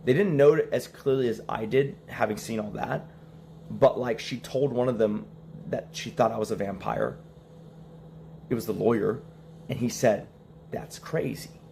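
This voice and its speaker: A man's voice: medium pitch, moderate pace, creaky, mellow, slight background noise. A young man telling a story in casual stream talk, acting out the quoted lines and laughing between them.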